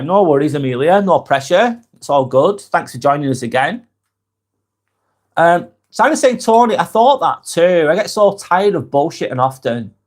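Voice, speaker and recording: A man hosting a live stream, reading viewer comments aloud and answering them in a frank, rambling way, swearing casually as he talks. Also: on the high side.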